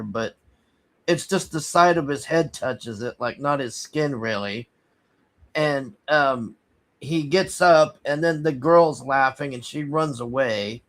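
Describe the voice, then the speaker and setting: A man casually recapping a movie plot, rambling and halting with many restarts, sighing in exasperation. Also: medium pitch, a bit bright. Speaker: movie reviewer.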